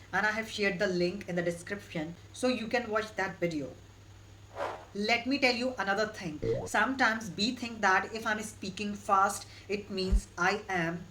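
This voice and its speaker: A woman giving an online English lesson in a steady, instructive way, repeating her key points. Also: medium pitch, noisy background. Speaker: English teacher.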